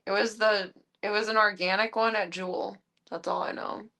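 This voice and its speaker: A woman's voice: medium pitch, steady tone, normal speed, creaky, bright, forceful tone. A woman live streamer at home, chatting casually and talking to her pets in an amused, baffled way. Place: at home with her cats and dogs.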